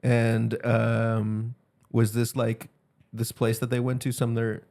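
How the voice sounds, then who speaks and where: Male podcast co-host, mid-pitched, casual and curious, quick to react. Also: completely flat delivery, gravelly, darkish tone. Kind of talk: casual chat.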